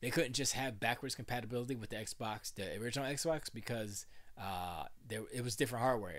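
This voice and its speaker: A man's voice: on the low side, fairly quick, fairly bright tone. A self-described old man hosting a live stream from his home studio, chatting and rambling with many restarts. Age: older. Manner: rambling, full of restarts and playful voices. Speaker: livestream host. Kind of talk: casual livestream chat.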